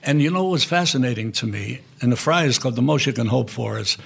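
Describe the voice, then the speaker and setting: An older man as a podcast guest, telling blunt, profane anecdotes in an animated, storytelling way. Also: medium pitch, brisk, creaky, husky.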